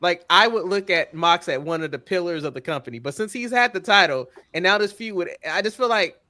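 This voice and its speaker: A man co-hosting a casual wrestling recap, opinionated and quick to swear, stammering when he gets excited. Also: high-pitched. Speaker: podcast co-host.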